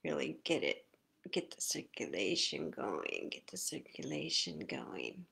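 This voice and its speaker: A woman leading a live guided face massage session, giving slow, soothing step-by-step cues. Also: extremely low pitch, huge pitch swings, vocal fry, a bit bright, slightly rough. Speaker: self-care instructor.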